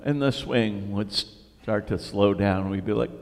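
A middle-aged man preaching a sermon, telling stories in an animated, self-deprecating way. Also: on the low side, measured pace, creaky, in a large hall. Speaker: pastor.

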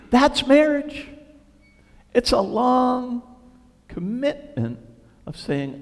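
A middle-aged man preaching a sermon, telling stories in an animated, self-deprecating way. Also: high voice, measured pace, gravelly, in a large hall. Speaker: pastor.

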